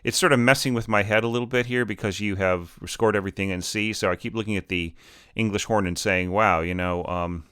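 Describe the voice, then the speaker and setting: A man's voice: fairly low pitch, steady tone, fast, sharp tone, clear, resonant tone, no room sound, clean studio sound. A man giving a casual, rambling critique of orchestral scores as a teacher, full of fillers and restarts.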